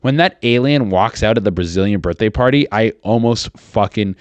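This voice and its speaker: A man's voice: on the low side, animated, normal speed, darkish tone, no room sound, muffled recording. A man in his thirties hosting a podcast, rambling crudely and profanely with lots of fillers and restarts. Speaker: podcast host. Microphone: studio microphone.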